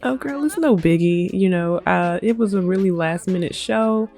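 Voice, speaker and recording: A woman's voice: lowish voice, normal speed, a little mellow, soft background music, close to an everyday voice. A woman voicing a breezy, cheerful young woman musician who talks casually.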